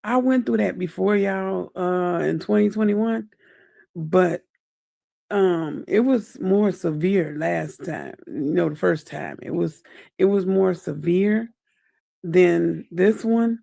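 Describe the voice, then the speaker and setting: A woman's voice: lowish voice, slow pace, vocal fry, warm tone, no echo, clean studio sound. A woman hosting a casual livestream update, chatting at length with her viewers and calling them y'all and baby. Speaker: livestream host. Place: at home.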